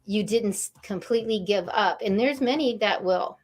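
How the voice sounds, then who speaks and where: A woman's voice: mid-range voice, moderate pace. A woman hosting an interview show, upbeat and encouraging, welcoming viewers by name. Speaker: talk show host.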